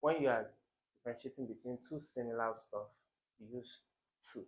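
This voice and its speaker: A young man teaches an English exam lesson in an emphatic way. He repeats key words and keeps quizzing his listeners. His voice sits at an ordinary middle pitch. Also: fairly quick. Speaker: exam tutor. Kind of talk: recorded exam-prep lesson.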